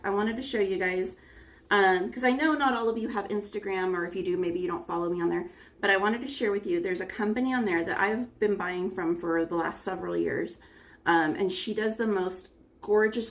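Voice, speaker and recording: A woman's voice: medium pitch, far from the mic. A woman hosting a casual cooking livestream, chatting with her viewers and greeting them one by one by name. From United States. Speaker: livestream host. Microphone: phone front camera.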